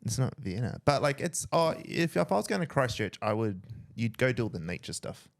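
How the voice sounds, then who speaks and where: A man's voice: medium pitch, sing-song, a little fast, vocal fry, dry recording, clean studio sound. A man hosting a casual podcast, laid-back and sarcastic, swearing now and then. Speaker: podcast host, business owner. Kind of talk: casual chat.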